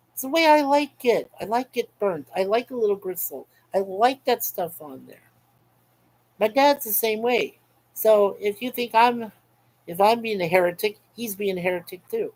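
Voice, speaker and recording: A man's voice: sits high, a little mellow, poor audio. Guy chatting on his webcam stream, rambly and laughing a lot, keeps repeating himself. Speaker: livestream host reading chat. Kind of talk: casual chat.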